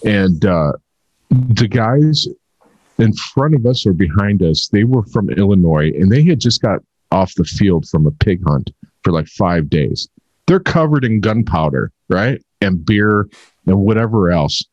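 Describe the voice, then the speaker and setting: A man's voice: fairly low pitch, sing-song, a little slow, a little mellow, no echo. A man from California telling a rambling travel story in a casual chat. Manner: rambling, conversational. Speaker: paintless dent repair technician. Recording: dull lo-fi audio.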